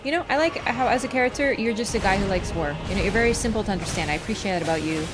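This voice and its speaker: A young woman talks over her gameplay in a loose, rambling way, flaring up in sudden excited swearing. Her voice sits at a middling pitch for a woman. Game music plays steadily behind her home streaming mic. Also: very fast. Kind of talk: live gameplay commentary.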